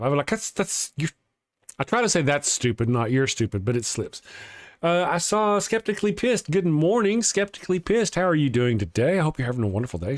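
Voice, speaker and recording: A man's voice: mid-range voice, no echo, studio quality. A man with a Texas accent hosting a casual atheist morning livestream. He rambles, chuckles often and restarts his sentences while reading viewer comments.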